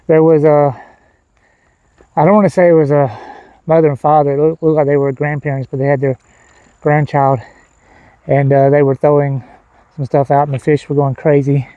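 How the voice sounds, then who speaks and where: A man's voice: fairly high pitch, moderate pace, long pauses, dry recording, narrow, tinny audio. A man chatting casually to his viewers while walking outdoors on a livestream. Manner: relaxed, rambling, talks to chat. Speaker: streamer. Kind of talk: casual livestream walk chat. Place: outdoors on a walk, rural.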